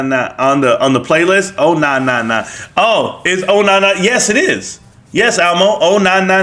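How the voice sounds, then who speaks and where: Lively man hosting a live stream. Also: fairly high pitch. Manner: animated, joking banter with frequent laughs. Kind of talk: casual live-stream chat, reading out viewer comments.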